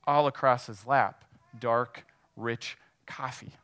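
A man preaching a sermon, retelling a parable in a lively, animated way. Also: mid-range voice, slow pace, smooth. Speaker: pastor. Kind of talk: sermon storytelling.

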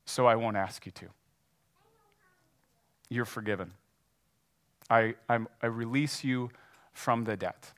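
A man voicing a calm restaurant owner who speaks with compassion and command. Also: medium pitch, a little slow, long pauses, lightly acted. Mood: gentle.

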